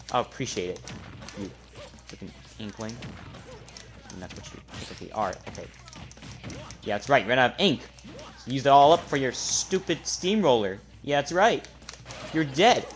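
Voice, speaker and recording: A man giving live gameplay commentary, trash-talking the opponent and muttering between loud outbursts. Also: mid-range voice. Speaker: gamer. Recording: loud game music behind voice. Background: fighting game music and effects.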